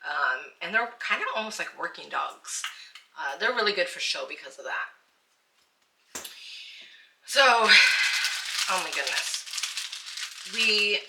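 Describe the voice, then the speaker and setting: A woman hosting a casual chat, telling a story in an animated, excitable way. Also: on the low side, takes it slowly, long pauses. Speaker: channel host. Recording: roomy, distant and noisy.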